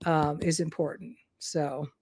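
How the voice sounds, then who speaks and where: Slow, hesitant woman psychic. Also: low voice, level tone, darkish tone, husky, no echo, studio quality. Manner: hesitant, many fillers. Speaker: psychic reader. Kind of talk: live-stream psychic reading.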